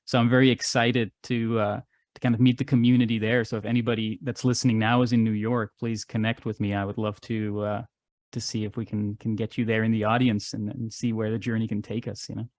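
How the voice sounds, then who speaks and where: A male artist and musician, a regular podcast guest, speaks with a lowish, darkish, brisk voice that barely shifts in pitch. The recording is dry and close, with no echo, as he tells long, musing, philosophical stories in casual conversation.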